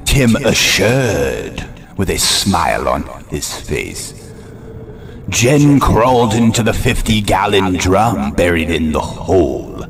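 A man hosting a horror show, narrating a scary story slowly and dramatically, with an ominous tone. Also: sits low, very animated. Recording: narration over loud music. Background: music.

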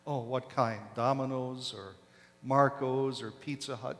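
A man preaching a sermon as pastor, slow and deliberate, leaning hard on key words. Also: medium pitch, steady tone. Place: large church sanctuary. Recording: long echo of a church hall.

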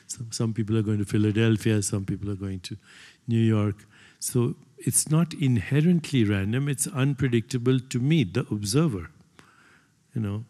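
A man's voice: mid-range voice, dark tone. An older man giving a conversational talk to an audience, lecturing with many fillers and asides. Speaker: speaker. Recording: long hall reverb.

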